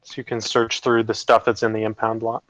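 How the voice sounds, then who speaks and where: A man narrates a tabletop role-playing session as game master, his voice bright and forceful. He speaks casually, pausing often with fillers as he works out the scene. The recording is close and dry, with no room sound. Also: lowish voice, completely flat delivery, dry recording, poor audio. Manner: casual, hesitant, many fillers.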